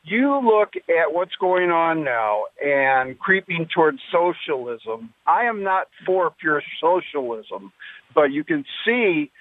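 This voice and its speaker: A man calling in to a radio talk show, needling the host and speaking haltingly. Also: fairly high pitch, big pitch swings, no room sound. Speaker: caller. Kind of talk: phone-in call. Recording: phone line.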